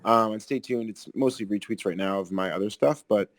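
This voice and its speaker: Excitable, rambling man on a podcast. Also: lowish voice, brisk, no echo. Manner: excitable, rambling, swears freely. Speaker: podcast host. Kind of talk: casual chat.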